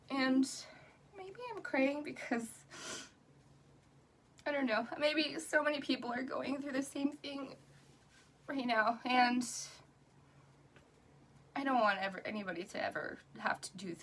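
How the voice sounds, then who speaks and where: A tearful woman in her thirties speaks in a bright, forceful voice that sits a touch high for a woman. She sounds earnest and encouraging through her crying, with little laughs. Her voice comes from slightly away from the microphone. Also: a little slow, pauses often, recorded from a distance, a little hiss or hum. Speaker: direct sales rep. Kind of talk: emotional live video to a group.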